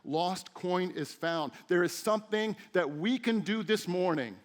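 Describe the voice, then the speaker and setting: Man, middle-aged, pastor, sermon, animated storyteller, fairly high voice. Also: a little slow. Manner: animated storytelling with acted-out quotes. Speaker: teaching pastor. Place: church sanctuary.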